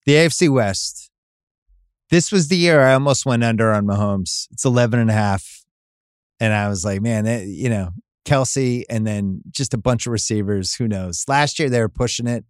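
A man's voice: mid-range voice, clean tone, no echo, studio quality. A man co-hosting a podcast, chatting casually about sports betting and running through schedules. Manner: conversational, lists schedules quickly. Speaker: podcast co-host.

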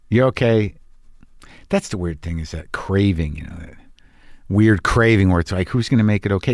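A man's voice: mid-range voice, no room sound, studio quality. A middle-aged man hosting a show, talking in a rambling comic monologue that is profane, wry and darkly joking. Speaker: podcast host.

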